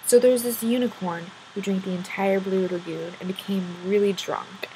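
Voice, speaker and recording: A woman vlogger telling a made-up story in a casual, playful way, rambling and filling gaps with "um." Her voice sits at a middle pitch. A faint noise runs underneath. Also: steady tone, moderate pace, mellow, poor audio.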